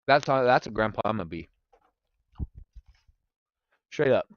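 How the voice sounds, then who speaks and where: A man's voice: a little high, a little fast, pauses often, no room sound, dull audio. A young man streaming live, chatting casually with his viewers and swearing freely. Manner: animated, swearing, talks to chat. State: recovering from gallstones.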